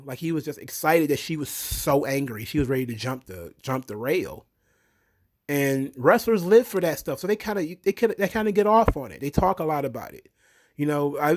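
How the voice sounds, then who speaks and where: A man giving a blunt, opinionated, rambling commentary monologue as a show host. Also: mid-range voice.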